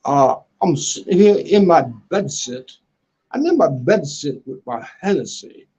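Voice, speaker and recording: A man's voice: fairly high pitch, animated, measured pace, warm tone, breathy edge, muffled recording. A man faking a smug British boaster. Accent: put-on British. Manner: mocking impression, drawled boasts.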